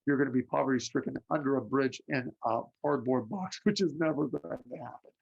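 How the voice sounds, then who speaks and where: A man giving a psychic reading, telling stories with lively acted-out voices. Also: medium pitch, fairly quick, vocal fry, slightly rough. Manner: animated storyteller, acts out voices in anecdotes. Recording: lo-fi muffled audio.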